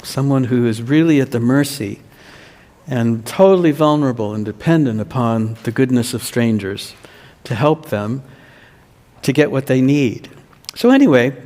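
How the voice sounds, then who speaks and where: A man, a pastor, telling a children's sermon as a slow story and asking the children questions. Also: mid-range voice, darkish tone. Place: church. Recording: long church reverb.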